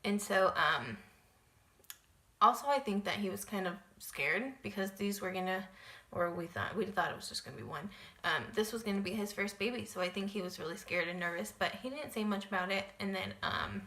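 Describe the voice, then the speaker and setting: A young woman chats through a story-time vlog with a bright, forceful voice. She talks casually and loosely, leaning on "like" and "um". The room is echoey around her. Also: medium pitch, brisk. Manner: chatty, lots of "like" and "um" fillers. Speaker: vlogger.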